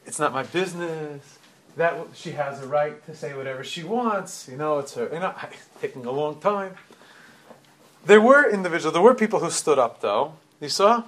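High-voiced man telling a story to his community. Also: normal speed. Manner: animated retelling with frequent restarts and repeated words. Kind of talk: storytelling sermon.

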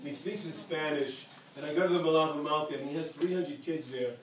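A man speaking to an audience, telling a story with lively repetition and emphasis. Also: a little high, fairly quick. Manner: animated storyteller who repeats phrases for emphasis. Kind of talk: storytelling talk. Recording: echoey hall, distant mic, faint hiss.

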